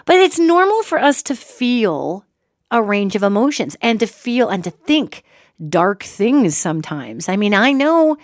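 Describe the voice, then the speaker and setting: A woman hosting a solo podcast, talking in an animated, joking way and acting out quoted voices. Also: medium pitch, measured pace, no room sound, clean studio sound. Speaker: podcast host.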